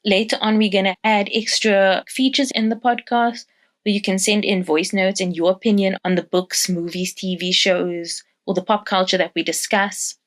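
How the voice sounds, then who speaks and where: A woman introducing her podcast episode, speaking directly and warmly to her listeners. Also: mid-range voice, steady tone, normal speed. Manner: friendly, addresses listeners directly. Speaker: podcast host.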